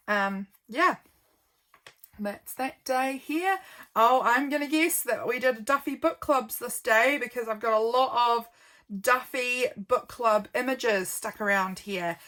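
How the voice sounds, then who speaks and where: Flipping through her journal pages, a young woman speaks in a slightly high, somewhat bright voice with a New Zealand accent. It's a casual, meandering vlog chat, peppered with ums and easy laughter, and she seems a touch sleepy and yawny.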